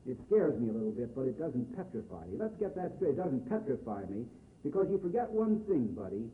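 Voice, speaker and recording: A blunt, wry young man, as a male reader plays him, talking low and quietly in a brotherly way. The recording sounds phone-thin, with echo off the walls. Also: big pitch swings, fairly quick, far from the mic, natural voice. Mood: earnest. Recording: echoey, phone-like, faint hiss.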